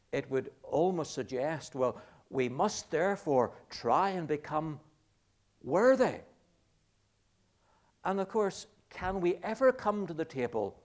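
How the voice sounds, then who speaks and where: A middle-aged man preaching a sermon, slow and deliberate, drawing out key words for emphasis. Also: medium pitch, darkish tone.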